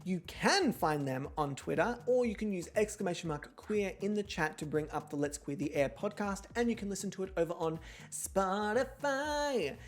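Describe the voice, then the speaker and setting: A woman's voice: mid-range voice, lively intonation, normal speed. A woman hosting a live-streamed online show, chatty and joking with a theatrical edge. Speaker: host.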